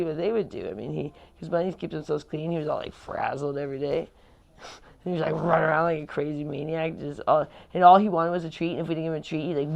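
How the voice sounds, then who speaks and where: A woman's voice: sits low, creaky, darkish tone. A woman vlogger in casual chat, rambling and chatty with lots of fillers.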